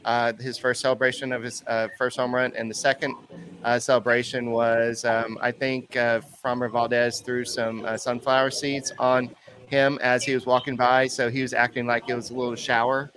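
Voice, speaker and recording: A man's voice: mid-range voice, flat delivery, moderate pace, fairly bright tone. A man co-hosting a sports podcast, recapping a game in an easygoing, rambling way. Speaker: podcast co-host. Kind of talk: casual sports chat.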